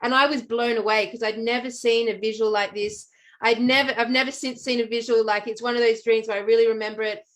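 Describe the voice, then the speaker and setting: A woman telling a long personal story in casual chat, animated and full of "like" and "um". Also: fairly high pitch, fast. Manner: animated storytelling with many fillers. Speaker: podcast co-host.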